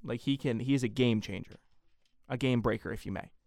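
A man's voice: medium pitch, a little fast, creaky, a little mellow, no room sound, clean studio sound. A young man co-hosting a casual sports podcast, teasing and rambling with hesitant restarts. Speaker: podcast co-host.

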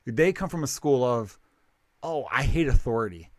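A man's voice: medium pitch, animated, moderate pace, dry recording. Profane, rambling man on a dry mic. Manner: rambling, profane, self-interrupting. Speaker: comedian and podcast host. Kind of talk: casual podcast chat.

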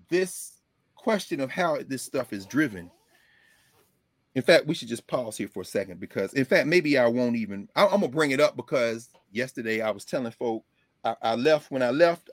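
A man's voice: medium pitch, dry recording. A man hosting casual political commentary, talking emphatically with folksy asides.

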